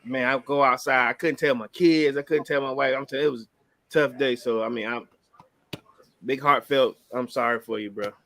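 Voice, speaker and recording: A man co-hosting a casual sports chat show, telling loose, animated personal stories. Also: medium pitch, fairly quick, dry recording. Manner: loose, storytelling, animated impressions of family. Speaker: podcast co-host.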